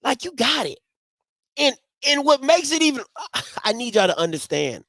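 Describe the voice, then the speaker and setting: Man, high voice, excitable sports host, repeats himself, dry close sound. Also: moderate pace, dry recording. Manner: excitable, repeats and restarts, shouts. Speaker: postgame show host. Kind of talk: animated sports call-in talk.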